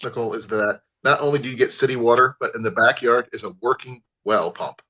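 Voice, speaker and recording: Bright-voiced man rambling on a livestream. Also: mid-range voice, fast talker, breathy edge. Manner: easygoing, rambling with restarts. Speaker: livestream host. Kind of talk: casual video-call chat. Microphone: livestream call audio. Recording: lo-fi livestream audio.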